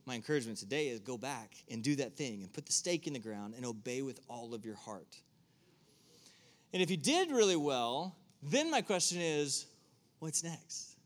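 Man preaching a conversational sermon. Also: a little high. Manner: conversational, asks the audience direct questions. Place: church room with an audience.

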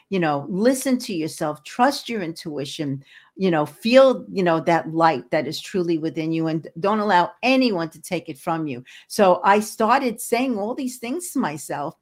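This energy healer and hypnotherapist, appearing as a guest in a podcast interview, has a fairly low, animated voice and talks at a normal speed. Her manner is earnest and encouraging, with many false starts.

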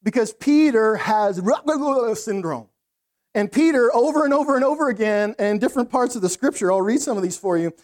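Middle-aged male pastor, high-pitched, casual storytelling sermon delivery. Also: brisk. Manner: conversational, animated storytelling with laughs.

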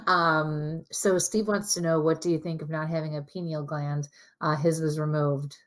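A woman hosting a casual interview, chatty and quick with agreement, often laughing. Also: low voice, steady tone. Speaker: interview host.

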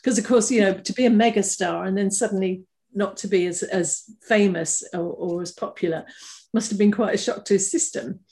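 A woman's voice: medium pitch, steady tone, fairly quick. An older woman, a guest in a casual interview, chatting through fond stories with restarts and bursts of laughter. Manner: chatty, warm-hearted anecdotes with frequent restarts and laughter. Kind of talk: casual conversational storytelling.

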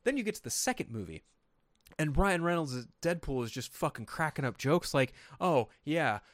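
Male podcast co-host, mid pitch, very expressive, profane, dry close mic. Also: brisk, dry recording. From Sacramento, California. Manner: animated, profane storytelling with lots of voiced quotes. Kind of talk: casual chat.

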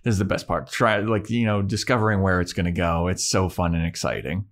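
A man's voice: sits low, fairly even intonation, brisk, lightly acted. A man doing an eager gossipy girlfriend. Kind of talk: comedic recap impression.

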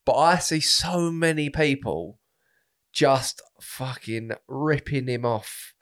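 A man's voice: mid-range voice, slow, a bit bright. A man co-hosting a comedy podcast, ranting animatedly in casual banter and swearing freely.

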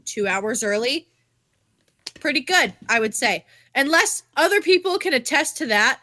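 Bright, high-voiced young woman storyteller. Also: measured pace. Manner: animated storyteller, swears casually, quotes people in put-on voices. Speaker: podcast co-host. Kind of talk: casual chat, storytelling.

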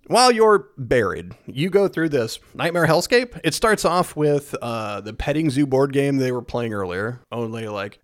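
A man's voice: medium pitch, no echo, clean studio sound. A man casually recapping a video game's plot on a podcast, swearing freely and acting out characters' lines as he goes. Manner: animated storyteller, swears a lot, acts out quoted lines. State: a bit winded. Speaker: podcast host recapping a game. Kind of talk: casual profane game recap.

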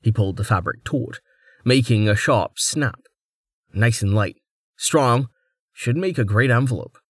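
A man narrates an audiobook in a steady, mid-pitched voice. The sound is dry and close, with no reverb from the room. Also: measured pace, husky.

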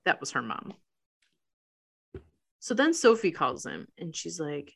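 A woman's voice: sits low, sing-song, measured pace, gravelly, pauses often, a bit bright, slightly rough. A woman in casual chat, animatedly retelling a movie plot and acting out quotes. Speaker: podcast co-host recapping a movie.

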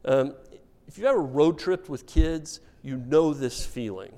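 Pastor, male, fairly high voice, lively storytelling sermon with dry jokes. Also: measured pace. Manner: animated storytelling with wry humor.

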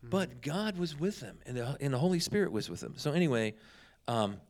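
Speaking fairly quickly in a mid-range voice, this guest spins humorous ministry tales during a casual chat. He animates the stories by performing the lines of the people involved.

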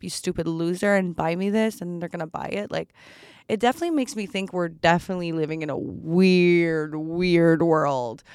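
A woman's voice: medium pitch, smooth, no room sound, clean studio sound. Gushing young woman podcast host. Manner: gushing, bratty, valley-girl filler "like". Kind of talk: solo podcast chat, unboxing gifts.

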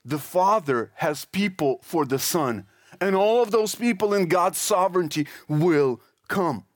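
A man's voice: high voice, expressive, no room sound, studio quality. Emphatic preacher, a man with a raised voice. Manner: emphatic, slows down to stress scripture phrases. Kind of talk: sermon.

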